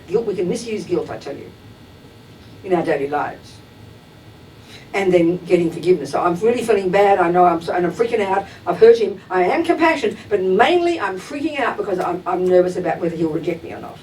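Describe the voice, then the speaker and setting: Woman Buddhist teacher, direct and emphatic, miked from a distance over a faint rumble. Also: expressive, fast talker, mellow. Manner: direct and emphatic, acts out everyday examples. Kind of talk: dharma talk to a class. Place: teaching hall at a Buddhist center.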